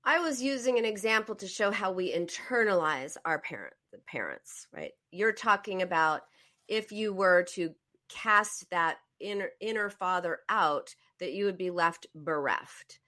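A woman hosting a talk as a therapist, explaining ideas in a lively, storytelling way to a caller. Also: on the low side, a little slow. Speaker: host and therapist. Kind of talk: conversational coaching talk.

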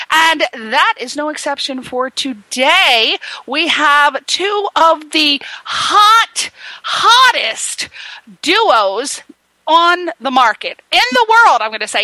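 Chatty, excitable woman radio host. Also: fairly high pitch, no echo, poor audio. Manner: chatty, excitable, jokey, with playful asides and restarts. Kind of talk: lively radio talk show intro and ad read.

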